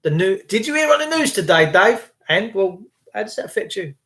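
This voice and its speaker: Brief: male vlogger, fairly high voice, fervent and repetitive, preaching self-reliance. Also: very animated, a little fast, bright, forceful tone. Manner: impassioned, rambling, repetitive. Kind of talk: motivational monologue.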